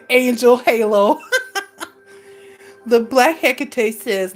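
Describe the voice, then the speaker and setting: A woman's voice: on the high side, drawn-out words. A woman hosting a casual livestream who reads viewer comments, laughing often and teasing them as honey. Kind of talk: casual chat.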